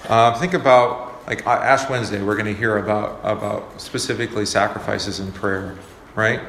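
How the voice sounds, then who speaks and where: A pastor leads a casual Bible study in a conversational teaching style, often putting questions to the group and using many fillers. His voice sits on the low side, with fairly even intonation, a moderate pace, and a fairly bright tone. The room is echoey, with faint background noise.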